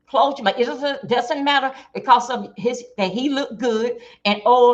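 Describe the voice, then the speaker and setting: A middle-aged woman with a fairly high voice, talking on a livestream about relationships. She gets animated and acts out both sides of a couple's conversation. Her audio comes through a video call and sounds dull and lo-fi. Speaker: guest.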